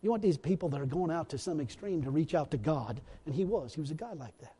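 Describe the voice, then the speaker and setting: A high-pitched male preacher telling stories from the pulpit in a folksy, rambling manner. His voice carries a long reverb from a large hall. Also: expressive, quick pace, dark tone, husky. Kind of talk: storytelling sermon.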